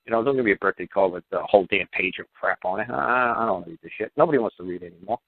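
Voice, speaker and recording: A man's voice: on the low side, quick pace, dry recording. A middle-aged man telling stories on a radio show, blunt and profane, with lots of swearing. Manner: profane, blunt, animated storytelling. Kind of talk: rambling radio talk. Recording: dry, phone-like radio audio.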